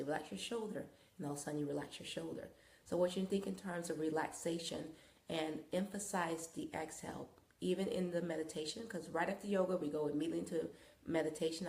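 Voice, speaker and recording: Woman host talking into a phone in an echoey room, leading yoga in a calm, rambling way. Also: low voice, gravelly. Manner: loose, rambling instruction with many fillers; calm, coaching guidance. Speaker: wellness host and yoga guide. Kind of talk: live-streamed wellness talk and guided yoga.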